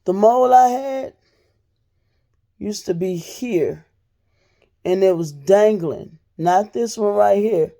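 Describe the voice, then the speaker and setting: Brief: adult woman vlogger, gravelly fry, mid pitch, blunt profane storyteller who swings from low to loud. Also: slow pace, pauses often. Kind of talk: casual storytelling to the camera.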